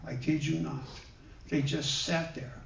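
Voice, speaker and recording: Male minister, gentle conversational sermon, slightly high pitch, distant muffled recording in a reverberant hall. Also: steady tone, gravelly. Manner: gentle, conversational, with many pauses and fillers. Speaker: guest minister. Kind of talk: sermon with personal stories. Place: church hall. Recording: roomy, dull sound from a distant mic.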